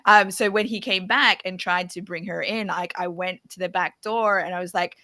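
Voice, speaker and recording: Bright-voiced, chatty woman. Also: lowish voice, fairly even intonation, moderate pace. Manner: chatty, laughs often. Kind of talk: casual chat.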